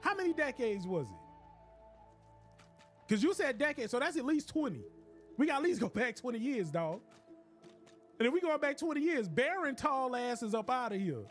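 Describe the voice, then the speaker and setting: A man streaming a game, riffing in a joking, animated rant with laughs. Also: very high voice, normal speed, pauses often, faint music behind. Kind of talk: casual comedic commentary while gaming.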